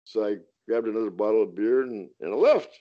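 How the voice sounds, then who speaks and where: A man's voice: on the low side, animated, a little fast, warm tone, highs cut off. A man, a stand-up comedian, telling a profane story in casual podcast talk, acting out the quotes.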